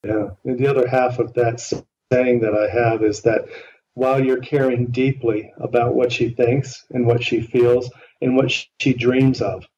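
A man's voice: mid-range voice, level tone, unhurried, a little mellow. A man working as a relationship coach, talking earnestly and emphatically in a podcast interview. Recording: distant, muffled line with faint noise.

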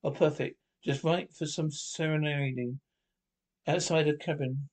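A man reading a comedy film script aloud, voicing several characters in quick back-and-forth exchanges. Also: fairly high pitch, fairly even intonation, a little mellow.

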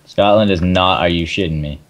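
A young Canadian man with a low voice hosts a let's play, talking fairly quickly in a casual, joking way and swearing and laughing often. The dull lo-fi mic gives the recording a muffled quality.

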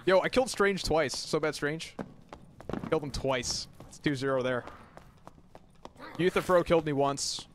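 A man's voice: a little high, normal speed, long pauses, background noise. A man streaming a game, chatting casually, ranting and swearing at chat. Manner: swears and rants, talks to chat. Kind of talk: casual gaming commentary. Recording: game music loud behind.

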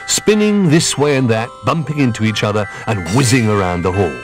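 A man reading a children's storybook aloud in an expressive, gentle manner. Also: on the low side, normal speed, hardly any pauses, faint music behind.

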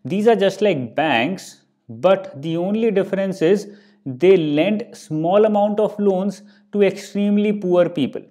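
A man's voice: high-pitched, unhurried, mellow. A young man with an Indian English accent teaching exam finance terms, explaining with worked examples and frequent "let's say" and "okay". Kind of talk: explanatory lecture.

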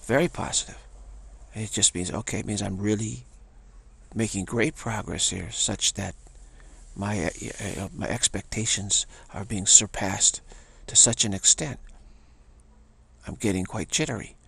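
An older man with a gravelly, husky voice gives a meditative spiritual teaching, speaking haltingly with frequent restarts and pauses. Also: on the low side, sharp tone.

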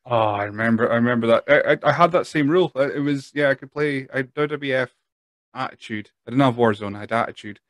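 This podcast host is a Speyside-accented Scotsman in his thirties from the northeast, running a casual interview show in a rambling, self-deprecating style. He speaks fast at a medium pitch with a slightly bright tone, in clean studio sound without echo.

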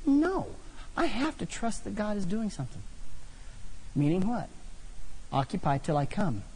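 A man preaching a sermon, telling funny personal stories with animated delivery. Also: sits high, unhurried, breathy edge. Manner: animated, humorous storytelling. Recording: long hall reverb.

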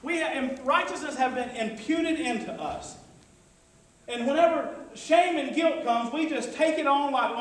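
High-voiced preacher in an echoey church. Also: male voice, normal speed, distant mic. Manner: conversational preaching with call-and-response asides. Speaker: pastor. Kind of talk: sermon. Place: church sanctuary. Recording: echoey church hall, mic from afar.

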